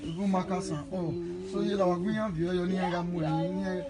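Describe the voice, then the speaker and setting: Nigerian man with a high voice, earnest charity founder thanking and blessing supporters live. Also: steady tone, moderate pace, a loud crowd, low-quality recording. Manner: earnest, repetitive, blessing-giving. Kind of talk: live video address to supporters.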